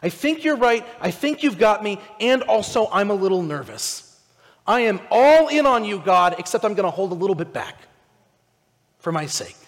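A man's voice: sits high, big pitch swings, moderate pace, long reverb tail. A pastor voicing Abraham as an anxious, doubting old man, hedging and exasperated.

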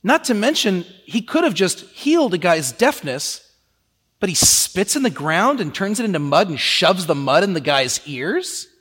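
A man preaching a sermon in a lively, conversational way, often slipping into quoted voices. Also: high voice, moderate pace, husky, in a large hall.

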